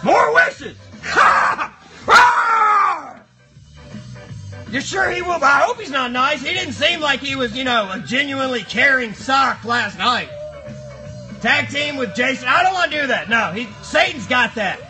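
A man's voice: very high voice, animated, normal speed, sharp tone, faint music behind, heavily acted. A man voicing a rowdy, foul-mouthed cardboard box monster, bantering crudely with a live stream chat.

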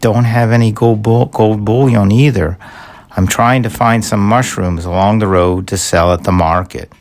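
A man voicing a kind, cheerful female hedgehog in a storybook reading, raising his voice and pitch for her. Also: steady tone, normal speed, a little mellow, close to an everyday voice. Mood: friendly, eager. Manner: eager, friendly, raised pitch.

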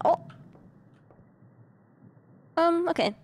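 A high-pitched young woman streaming a horror game live, chatting loosely with her viewers. She swears casually and keeps the talk loose and unscripted. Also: big pitch swings, slow, long pauses, darkish tone. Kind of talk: live gameplay commentary.

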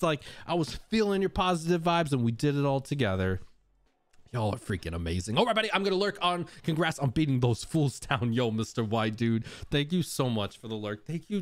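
A man streamer giving excitable live gameplay commentary to his chat, swinging between hushed talk and shouting. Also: on the high side.

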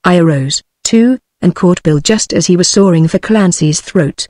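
A text-to-speech woman's voice with a British English accent, reading a book aloud in an even, synthetic manner. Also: fairly low pitch, moderate pace, no room sound, clean studio sound. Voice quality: synthetic, evenly paced. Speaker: audiobook narrator.

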